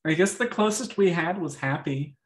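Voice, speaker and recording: A man's voice: on the high side, moderate pace. A man co-hosting a casual movie review chat, easygoing and laughing between remarks. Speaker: podcast co-host. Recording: echoey room.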